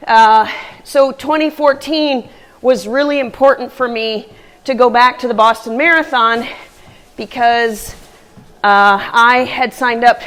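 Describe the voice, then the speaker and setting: A woman vlogging casually from a gym, chatty and earnest, a little out of breath from moving at a faster pace. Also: a little high, a bit bright. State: slightly out of breath. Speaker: running vlogger. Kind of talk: casual vlog talk.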